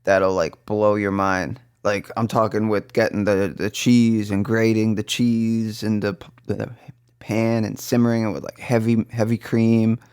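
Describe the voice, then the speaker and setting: A man's voice: on the low side, flat delivery, a little slow, a little mellow, clean tone. A man with a Boston accent, co-hosting a casual podcast and rambling through stories with many restarts. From East Coast US. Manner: rambling, self-correcting storyteller. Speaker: podcast co-host. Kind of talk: casual chat.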